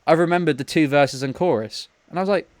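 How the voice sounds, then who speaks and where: A man's voice: on the high side, fast, no echo. A man co-hosting a podcast, telling a story casually and acting out his friends' lines. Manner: animated storyteller, acts out friends' lines with laughs. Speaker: podcast co-host.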